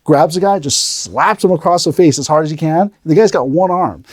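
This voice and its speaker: A man's voice: a little high, brisk, no room sound, studio quality. A middle-aged man, an aikido instructor, hosting a casual podcast chat and animatedly acting out the lines in his stories. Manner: animated storyteller who acts out quoted lines.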